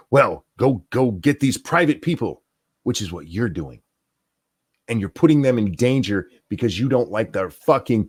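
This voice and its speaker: A man's voice: mid-range voice, husky, no room sound, studio quality. A man hosting a show, delivering a profane, heated political rant with mocking outbursts. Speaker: host.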